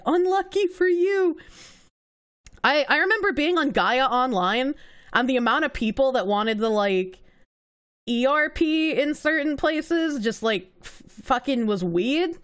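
A woman streamer chatting casually to her audience, animated, laughing often and swearing freely. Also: high voice. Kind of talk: casual livestream commentary.

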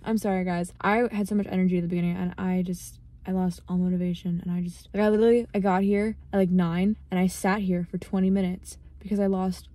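A woman's voice: medium pitch, dark tone. A young woman vlogging from her parked car, chatting casually in a rambling, self-deprecating way with lots of fillers. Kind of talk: casual vlog chat.

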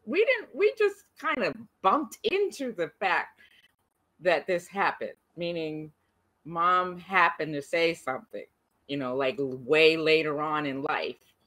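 Bright, animated woman in her 60s. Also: deep voice, unhurried, rough recording. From United States. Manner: lively, animated storytelling with laughs and restarts. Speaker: interviewee. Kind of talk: recorded conversation between siblings.

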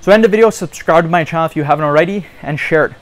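A man with a fairly high voice talks through a casual home workout tutorial. He is chatty and encouraging, keeps addressing his viewers directly, and sounds slightly out of breath. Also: very fast. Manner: chatty, repeats "you guys", encouraging. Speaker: fitness vlogger.

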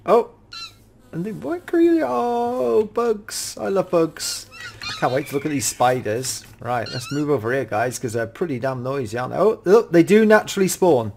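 A British man giving casual, excitable gameplay commentary as a YouTube reviewer, often gasping and exclaiming in wonder. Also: fairly high pitch, moderate pace, creaky, slight background noise. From United Kingdom.

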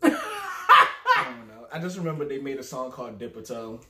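A man's voice: fairly high pitch, huge pitch swings, moderate pace, roomy sound, heavy background noise. A man chatting as a guest, laid-back and joking, laughing a lot. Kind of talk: casual chat.

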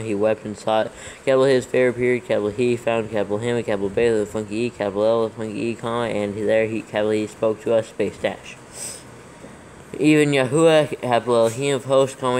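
A man reads text aloud slowly and carefully, calling out each capital letter, comma and period as he goes. His pitch stays flat and level, with little rise or fall. A faint hiss sits under the voice. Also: poor audio. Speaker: reader dictating scripture text. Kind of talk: dictation with spoken punctuation.

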